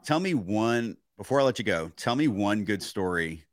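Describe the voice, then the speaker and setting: A man hosting a casual interview, relaxed and prompting his guest with short questions. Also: fairly low pitch, moderate pace. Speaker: host.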